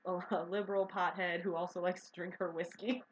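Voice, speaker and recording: A woman's voice: lowish voice, level tone, a little fast, a little hiss or hum. Chatty woman co-host, laughs a lot, muffled stream sound. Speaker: co-owner of a role-playing stream. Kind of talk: casual chat. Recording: dull lo-fi stream audio.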